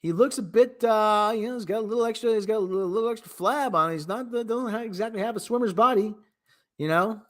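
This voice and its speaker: A man's voice: high voice, fast, fairly bright tone. A man hosting his show, giving rambling, sarcastic, wisecracking commentary in a casual movie review. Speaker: host.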